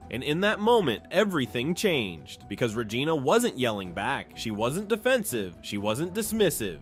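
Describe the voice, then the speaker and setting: A man giving scripted, dramatic narration in short, punchy phrases. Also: fairly high pitch.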